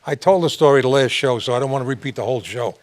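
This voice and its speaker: A man's voice: medium pitch, rapid-fire. A man hosting a talk show, telling rambling anecdotes with frequent restarts and laughing through his stories. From New York. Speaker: host.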